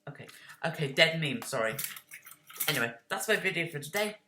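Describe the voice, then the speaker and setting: Brisk and lively in intonation, the medium-pitched voice is reverberant against a noisy background. It belongs to a video creator casually rambling through an explanation to camera, self-correcting and snapping defensively at imagined critics.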